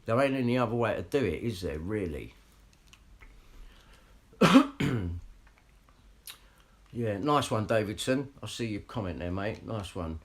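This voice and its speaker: A man's voice: on the low side, expressive, measured pace, pauses often. A man ranting casually and swearing a lot as he talks straight to his livestream viewers. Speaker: livestream vlogger.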